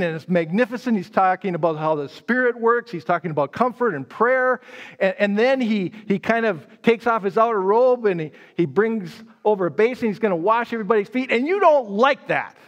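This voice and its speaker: A man's voice: high voice, animated, fairly quick. A man pastor giving a live sermon, telling the story conversationally and casting his listeners as the disciple Peter. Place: church sanctuary.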